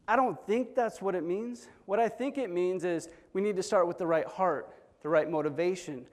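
A man's voice: fairly high pitch, big-room sound. A man preaching a sermon in an earnest, storytelling manner, acting out quoted voices as he goes.

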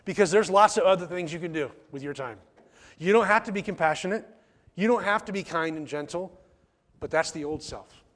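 A man's voice: high voice, fairly quick, a bit bright. A man preaching a sermon in church, emphatic, repeating key phrases and asking the congregation rhetorical questions. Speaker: pastor.

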